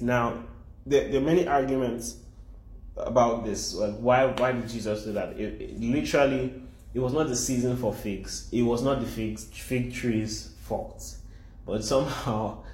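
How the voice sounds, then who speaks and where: A man preaching an animated sermon at a middle pitch, repeating his phrases to drive the point home. The recording is roomy and echoey.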